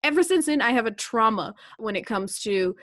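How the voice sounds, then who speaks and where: A young woman co-hosting a casual chat, telling a story in an animated, joking way. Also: on the high side, normal speed, no room sound, clean studio sound.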